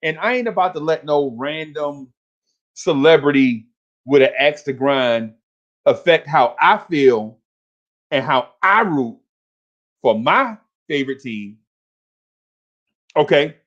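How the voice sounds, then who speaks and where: A man's voice: on the high side, expressive, takes it slowly, long pauses, fairly bright tone, muffled recording. A man hosting a fan livestream, talking casually and hyping up his chat in repetitive, slangy calls.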